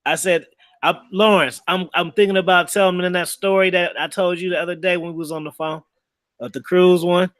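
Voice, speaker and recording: A man's voice: high voice, little pitch movement, fairly quick, fairly bright tone, dry recording. A man joining a casual group chat on a video call, playful and teasing. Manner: playful, plugs the channel.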